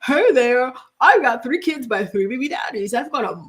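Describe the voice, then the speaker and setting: A brash, boastful reality-TV woman shows off with a cocky swagger, as a woman does an impression of her. The voice sits fairly high, and the show-off tone is played broadly for laughs. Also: animated, moderate pace. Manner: cocky, showing off.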